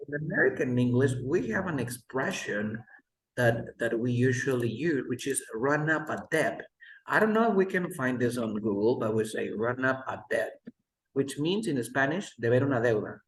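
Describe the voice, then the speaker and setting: A man's voice: medium pitch, expressive, normal speed. A man tutoring English one-on-one over a video call, patiently repeating words for his student. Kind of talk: online one-on-one English lesson. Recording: roomy echo.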